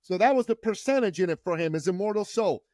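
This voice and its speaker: A man's voice: sits high, animated, quick pace, mellow, no echo, studio quality. A man from Iran, a guest on a podcast, telling his story with a fervent, preacher-like delivery. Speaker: entrepreneur guest.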